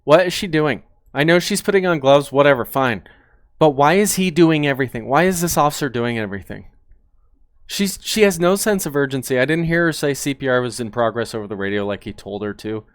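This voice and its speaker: A man's voice: mid-range voice, lively intonation, brisk, clean tone, no room sound, clean studio sound. A man and former police officer giving blunt, profane, analytical commentary on body cam footage.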